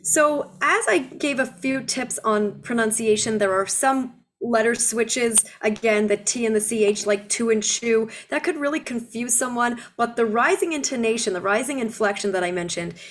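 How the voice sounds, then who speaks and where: A woman in her forties, an accent reduction coach, giving a webinar presentation and slowing down to model pronunciation. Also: on the high side, slight background noise. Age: 40s. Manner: explanatory, slows down to model pronunciation.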